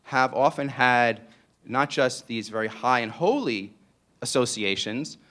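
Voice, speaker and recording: A man's voice: medium pitch, lively intonation, measured pace, sharp tone. A man from New York with a New York accent gives a public lecture in a playful, digressive way and often asks "right?".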